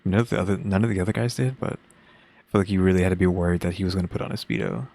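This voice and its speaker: A man's voice: low-pitched, rapid-fire, gravelly, darkish tone. A man co-hosting a reaction chat, breaking in with puzzled, incredulous remarks.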